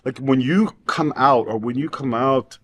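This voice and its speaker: A man's voice: medium pitch, a little slow, fairly bright tone, slight background noise. A man in his fifties, a guest in casual chat, giggly and campy as he talks. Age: 50s.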